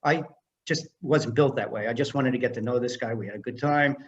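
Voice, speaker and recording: Older male guest, animated storyteller, mid-pitch voice, slightly dull lo-fi recording. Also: brisk. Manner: animated storyteller who acts out dialogue. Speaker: guest, film director and screenwriter. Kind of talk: casual storytelling interview.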